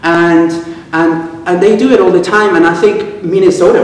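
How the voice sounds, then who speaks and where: A man from Venezuela with a Venezuelan Spanish accent, giving a humorous speech at a club and pausing for laughs as he tells stories. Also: high voice, steady tone, slight background noise. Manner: storytelling with quoted exchanges, pausing for audience laughs. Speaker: club speaker. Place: club meeting room. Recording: echoey room, miked from a distance.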